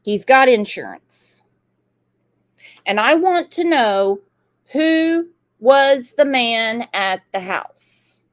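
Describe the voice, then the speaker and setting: A woman's voice: high voice, animated, extremely slow. A woman hosting a true crime channel, talking through a case in a conversational, emphatic way and repeating points for stress. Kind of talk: casual true crime commentary.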